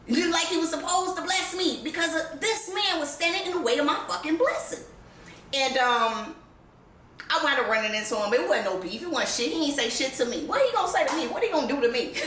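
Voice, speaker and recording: A woman with a high, bright voice tells her own story straight to camera, blunt and profane, laughing often. She sounds emotional, close to tears. She is picked up from a distance in an echoey room with faint noise behind her. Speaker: vlogger. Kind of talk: candid personal storytelling. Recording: roomy echo, distant mic, faint background noise.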